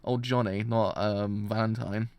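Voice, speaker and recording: A man ranting in an animated, exasperated way about a story's villain on a live reaction stream, often restarting his sentences. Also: on the low side, unhurried, smooth, no room sound.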